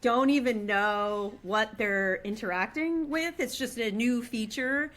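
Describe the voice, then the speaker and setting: A woman guest on a podcast, chatting casually and telling lively stories with frequent laughter. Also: fairly high pitch, a little slow. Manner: lively storyteller, laughs often. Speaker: guest, AI executive.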